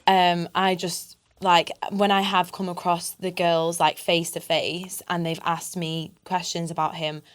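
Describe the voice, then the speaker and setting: A woman's voice: fairly low pitch, little pitch movement, a little slow, hardly any pauses, clear, resonant tone. A woman in a casual group podcast chat, speaking bluntly and frankly.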